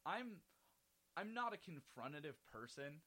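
This is a young man co-hosting a chatty podcast, and he sounds animated. His talk is loose, and he breaks into laughter often and drops sentences halfway. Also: fairly high pitch, unhurried. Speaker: podcast co-host. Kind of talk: casual chat.

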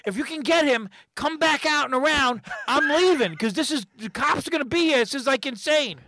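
A middle-aged man telling a comedy-club story in casual chat, animated and rambling, acting out the voices of the people in it. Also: very high voice, brisk. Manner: animated, acts out quotes and voices, rambling restarts.

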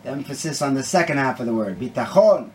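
A man's voice: medium pitch, animated, fast talker, a bit bright. A man giving a short Torah talk with a story, speaking in an earnest, conversational way and often restarting his sentences. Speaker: Torah teacher. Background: guitar music.

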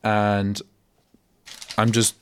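A young radio host speaks extremely slowly in a fairly low, monotone voice while running a solo show from the studio. He rambles casually and often breaks off mid-sentence. There's slight background noise.

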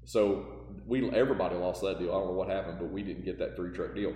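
A man telling lively business stories as a podcast guest, acting out the dialogue. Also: sits low, quick pace. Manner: animated storyteller, acts out dialogue, laughs often. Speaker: guest, parts company owner. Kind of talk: casual storytelling in a podcast interview. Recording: roomy with long reverb.

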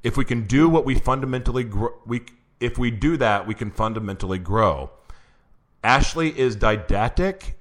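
A man hosting a live-streamed show, chatting casually, laughing often and reading an introduction aloud, with a voice that is going hoarse. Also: medium pitch, brisk. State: losing his voice. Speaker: show host.

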